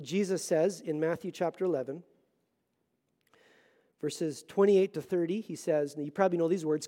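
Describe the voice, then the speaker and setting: A middle-aged man preaching a Sunday sermon in a fairly high voice. He talks earnestly and presses hard on key lines, then drops to quiet, hushed asides. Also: steady tone, moderate pace. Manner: earnest, swings between loud emphasis and hushed asides. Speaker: pastor.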